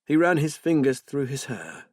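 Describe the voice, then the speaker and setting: Husky male audiobook narrator. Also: medium pitch, big pitch swings, moderate pace, no room sound, clean studio sound. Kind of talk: scripted narration.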